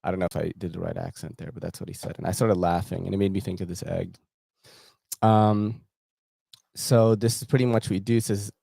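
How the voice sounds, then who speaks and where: A man's voice: low voice, steady tone, moderate pace, creaky, pauses often, mellow, breathy edge, no echo, clean studio sound. A young man hosting a casual gear show, chatting in laid-back slang while browsing a website and laughing often.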